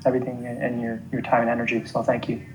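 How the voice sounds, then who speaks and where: A woman on a call, speaking softly and hesitantly with many fillers. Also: a bass voice, monotone, fast, slight background noise, poor audio. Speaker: podcast guest being read. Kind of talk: casual chat.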